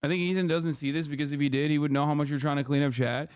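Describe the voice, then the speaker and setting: A man's voice: fairly high pitch, fairly even intonation, rapid-fire, darkish tone, clear, resonant tone, no room sound. A man hosting a livestream, ranting at his chat in an exasperated, profane way and repeating phrases for emphasis. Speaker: livestream host. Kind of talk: heated unscripted rant to chat.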